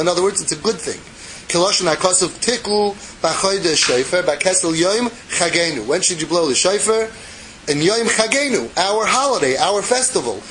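A man's voice: high voice, a bit bright, slight background noise, low-quality recording. A man teaching a religious text class who reads passages aloud and explains them in casual English, asking his students questions. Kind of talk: text study class, reading and translating.

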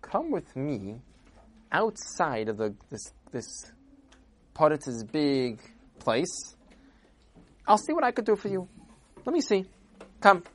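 A man voicing a calm, kindly older bishop in a told story, speaking softly and in a measured way. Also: fairly high pitch, heavily acted. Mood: calm, knowing.

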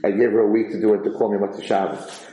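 A man teaching a Torah lecture in an informal, animated way, acting out dialogue as he tells stories. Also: lowish voice, quick pace, reverberant, rough recording. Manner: animated storyteller, acts out dialogue, frequent restarts. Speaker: rabbi and teacher.

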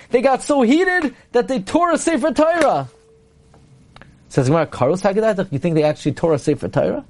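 A man teaching a Talmud class, reading Aramaic lines and explaining them with lively retelling. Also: sits high. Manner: reads Aramaic then explains in English, animated.

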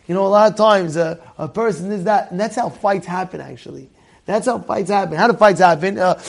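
A man with a high, gravelly voice tells a casual story, full of energy. He keeps circling back, repeating words and restarting sentences as he goes. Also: a little fast. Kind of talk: casual anecdote.

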